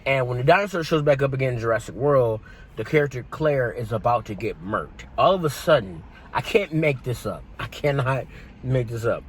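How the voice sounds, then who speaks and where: A man giving a casual, jokey movie review that retells the plot in an animated way. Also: mid-range voice, moderate pace, a little hiss or hum, rough recording.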